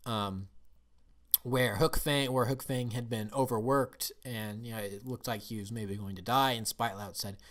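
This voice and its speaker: A man's voice: mid-range voice, steady tone, normal speed, a bit bright. A man talking casually as a film and TV reviewer, eager and rambling, often restarting his sentences.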